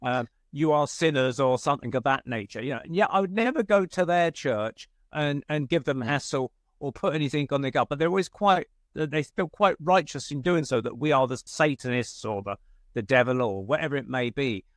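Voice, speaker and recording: A man's voice: mid-range voice, expressive, brisk, no echo, clean studio sound. A man with a British accent hosting a podcast, chatty and telling anecdotes with laughter. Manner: chatty storyteller, laughs at his own tales. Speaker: podcast host. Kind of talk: casual conversation, anecdote telling.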